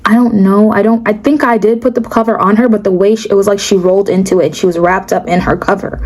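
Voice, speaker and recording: A woman's voice: medium pitch, steady tone, fast, a little mellow, poor audio. A young woman telling a casual faith story to her viewers, chatty and full of asides. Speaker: faith vlogger. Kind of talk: casual testimony.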